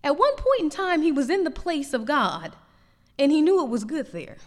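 A woman preaches a sermon. Her fairly high voice swings widely and climbs to emphatic peaks. The sound carries the long reverb of a large hall. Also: sing-song, moderate pace.

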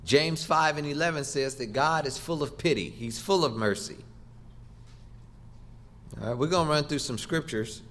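A man's voice: a little high, normal speed, long pauses, a bit bright. Man preaching an emphatic sermon. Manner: emphatic, rhythmic preaching with repetition.

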